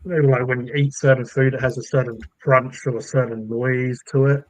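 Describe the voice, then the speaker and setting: A man chatting casually on a live stream, relaxed and chuckling now and then. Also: medium pitch, a little fast, no room sound, poor audio.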